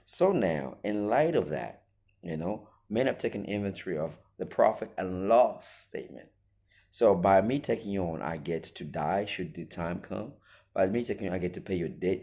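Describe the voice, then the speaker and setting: A man's voice: low voice, lively intonation, moderate pace, dark tone. A man giving an emphatic opinion monologue, full of rhetorical questions and acted-out quotes. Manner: acts out quoted voices. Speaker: commentator.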